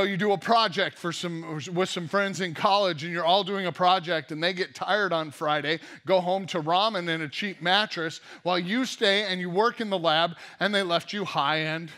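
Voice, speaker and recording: A man preaching a sermon in a fairly high, light voice. He talks in an easygoing storytelling manner, slipping in jokes and playful asides as he goes. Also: normal speed. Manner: lively storytelling with jokey asides. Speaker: pastor.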